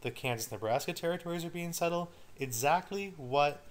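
A man's voice: on the high side, fairly quick. A male history teacher giving a recorded study-guide lecture, casual and joking with his students.

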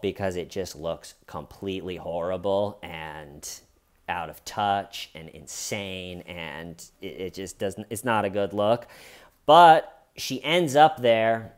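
A man giving casual comedic commentary on a true crime case, with sarcastic, incredulous asides. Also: fairly low pitch.

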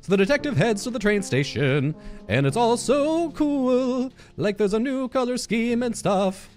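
Excitable guy narrating his game playthrough, voice all over the place, faint music under it. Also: very high voice, measured pace. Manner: playful and excitable, jokes to the viewer. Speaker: gaming YouTuber. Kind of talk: let's play commentary.

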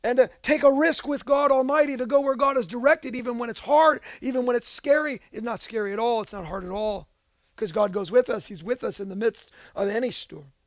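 A man with a very high voice preaching a sermon. He is earnest and emphatic, drops into casual asides and sometimes raises his voice hard. The sound is close and dry, with no room echo. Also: fairly quick. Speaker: pastor.

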